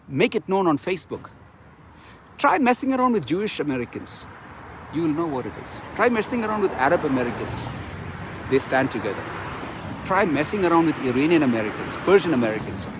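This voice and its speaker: Speaking straight to camera, a middle-aged man from Kerala with an Indian English accent gives an impassioned, emphatic personal testimony, repeating phrases for force. His voice is on the high side, and there is background noise.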